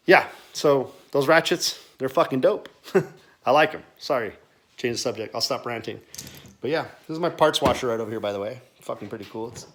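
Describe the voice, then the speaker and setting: A man who runs a car repair shop, showing his workshop in a profane, rambling, casual way. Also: medium pitch. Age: adult with children. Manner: profane, ranting, casual bro talk. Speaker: auto mechanic and shop owner. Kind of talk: unscripted workshop tour.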